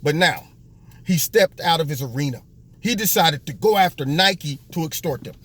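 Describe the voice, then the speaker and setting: A man with a high, lively voice hosts a political commentary monologue. His delivery is mocking and animated. He keeps breaking into little acted-out voices. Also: moderate pace, husky. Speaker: host.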